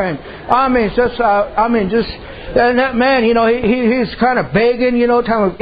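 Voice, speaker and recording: High-voiced folksy preacher man. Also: a little fast, dull audio. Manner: folksy, storytelling, colloquial. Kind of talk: sermon.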